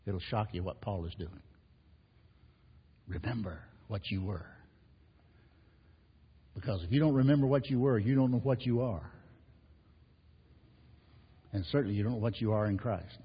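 A man's voice: mid-range voice, breathy edge. A man preaching a sermon as pastor, emphatic and repetitive, rising and falling in force. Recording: muffled, reverberant hall recording.

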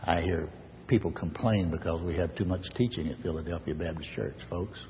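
A male pastor preaching a sermon with emphatic repetition, swinging from loud declarations to hushed lines. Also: sits low, brisk, in a large hall, lo-fi sound, a little hiss or hum. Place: church sanctuary.

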